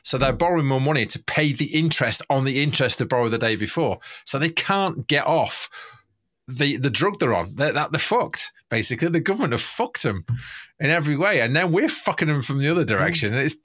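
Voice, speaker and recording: Bright-voiced, enthusiastic male host. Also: medium pitch, animated, a little fast. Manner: enthusiastic, rambling, many restarts. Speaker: show host. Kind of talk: casual chat.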